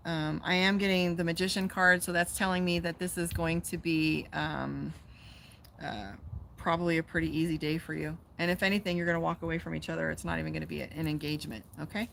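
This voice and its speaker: A woman's voice: deep voice, fairly even intonation, a little fast, creaky, fairly bright tone, a little hiss or hum. A woman from Las Vegas doing a casual live-streamed tarot reading outdoors by a pool. She is chatty and swears freely, and she breaks off to talk to her dog. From Las Vegas, USA. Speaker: tarot reader and psychic.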